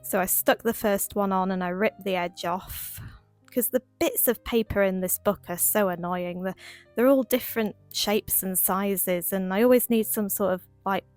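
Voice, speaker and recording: A woman talking through her crafting in a casual voiceover, rambling and quick, laughing at herself. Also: medium pitch, a little mellow, dry recording, soft background music. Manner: rambling, quick, self-deprecating. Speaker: crafting vlogger.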